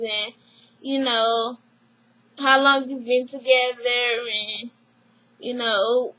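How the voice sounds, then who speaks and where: A woman recaps reality TV drama in a casual, blunt, profane way. Her voice sits high and sounds bright and sharp. She slips into the quoted voices as she goes. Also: poor audio.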